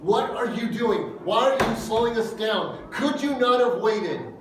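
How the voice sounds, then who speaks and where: A frantic, furious father, as a preacher acts him out, snapping out impatient demands in a raised, high-set voice. The hall throws back a lot of echo, and the speaker stands well off the mic. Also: a little fast, far from the mic, noisy background, natural voice. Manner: impatient, exasperated outbursts. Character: desperate, furious father pushing through a crowd.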